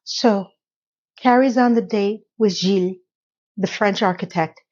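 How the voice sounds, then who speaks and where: A woman's voice: mid-range voice, a little slow, a little mellow, dull audio. Chatty sassy woman recapping a show. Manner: chatty, sassy, talks straight to the viewer. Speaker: recap vlogger. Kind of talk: casual TV recap commentary.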